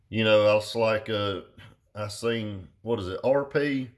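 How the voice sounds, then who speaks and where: A man's voice: fairly low pitch, unhurried. Profane drawling man ranting. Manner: profane, blunt, drawling southern slang. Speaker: car audio vlogger. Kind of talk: casual rambling rant.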